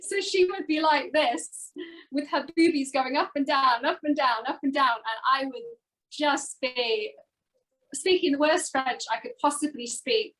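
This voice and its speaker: Female talk show co-host, high voice, lively storyteller. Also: a little slow, rough recording. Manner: animated storytelling. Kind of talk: casual talk show chat.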